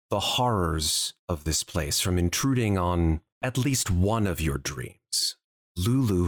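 A game master narrating a tabletop game in a very deep, husky voice. He describes each scene at length and softens it with hedging asides.

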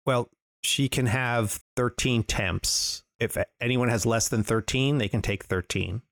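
A man playing a cleric in a tabletop game, talking quickly and urgently. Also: mid-range voice, fairly bright tone, no echo, studio quality. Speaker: player. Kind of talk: casual tabletop play.

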